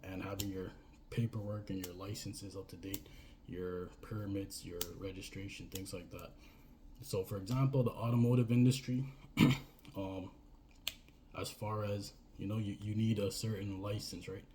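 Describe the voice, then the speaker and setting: Brief: man, even low delivery, chatty coaching monologue, keeps checking in with "right?". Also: normal speed, slight background noise. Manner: rambling, repeats "right?" and "you know". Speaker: business coach. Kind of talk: casual advice monologue.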